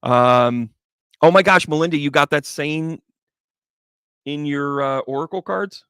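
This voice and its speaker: A man's voice: on the high side, a little slow, a bit bright, clear, resonant tone, dry recording, clean studio sound. A man giving a chatty, upbeat live tarot reading, talking straight to viewers by name. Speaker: tarot reader.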